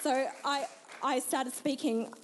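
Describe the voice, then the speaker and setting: A woman's voice: high voice, steady tone, slow, some chatter behind, slight background noise. A young adult woman, telling her personal story earnestly as an interview guest, laughing now and then. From New Zealand.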